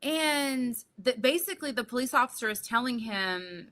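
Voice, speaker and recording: Young woman, bright and sharp, animated cursing storyteller on a podcast. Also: a little high, moderate pace, few pauses. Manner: animated, profane, acts out quotes. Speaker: podcast guest telling a story. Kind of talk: casual storytelling chat.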